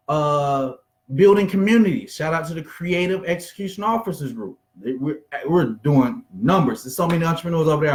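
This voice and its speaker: A man giving an energetic, conversational motivational business talk, acting out bits of small talk. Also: a little high, roomy sound. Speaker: business coach.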